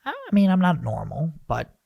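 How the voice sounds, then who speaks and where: A man hosting a podcast, rambling and animated as he rants, with lots of restarts. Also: fairly high pitch, moderate pace, gravelly, dry recording, highs cut off. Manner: animated, rambling, self-interrupting. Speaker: podcast host. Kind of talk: casual podcast rant.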